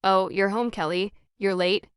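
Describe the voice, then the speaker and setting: A woman voicing a lazy, entitled young adult sister who talks in an offhand, scornful way, in a smooth narrated story. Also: medium pitch, fairly even intonation, measured pace, no echo, clean studio sound, natural voice.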